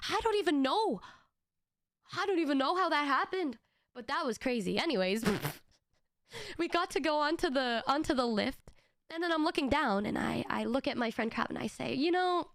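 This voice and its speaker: A young woman with a high voice tells a story on a stream, animated, laughing often, and swearing freely. She trips over her words and restarts often. The sound is close and dry. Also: moderate pace, no echo. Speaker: VTuber streamer. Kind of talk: casual storytelling.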